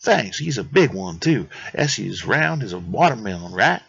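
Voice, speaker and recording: A man's voice: mid-range voice, expressive, fairly quick, pushed and bright. A man voicing a boisterous, rambling male character who won't stop telling stories. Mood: boastful. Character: chatty male mountain-town friend, pushy storyteller. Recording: dull dry lo-fi mic.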